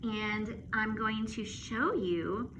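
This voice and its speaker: Expressive woman teacher reading a storybook. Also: fairly high pitch, very slow. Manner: expressive, playful sound effects and asides to children. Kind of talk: reading a storybook aloud to children. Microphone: phone or camera. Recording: muffled with steady background noise.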